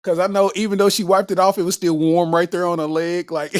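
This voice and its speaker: A man's voice: high-pitched, a little mellow, dry recording. A man hosting a comedy podcast, riffing casually in heavy slang and laughing constantly between lines. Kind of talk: casual comedic chat reacting to viewer comments.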